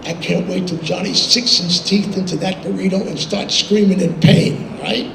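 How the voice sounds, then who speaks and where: An older man telling animated anecdotes in an interview, acting out quotes and laughing as he goes. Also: high voice, moderate pace, creaky. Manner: animated, laughing storyteller who acts out quotes. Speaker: interview guest. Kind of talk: anecdotal storytelling. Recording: roomy with background noise.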